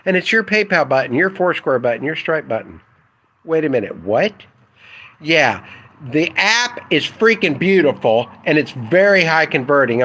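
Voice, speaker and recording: A man who runs an internet marketing business, talking casually to camera in an excitable, blunt, rambling way with mild swearing. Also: a little high, no room sound, rough recording.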